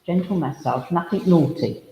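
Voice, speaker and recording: This spiritualist medium speaks at a moderate pace in a slightly high voice with vocal fry. He gives a chatty, humorous demonstration at a village hall service, filled with anecdotes and asides. Echoey hall reverb and faint noise color the audio.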